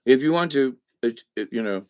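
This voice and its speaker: A man's voice: medium pitch, animated, fairly quick, smooth, no echo. Rambling folksy man. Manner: rambling, folksy, acts out voices. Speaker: spiritual teacher. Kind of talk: casual spoken lesson. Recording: dull muffled sound.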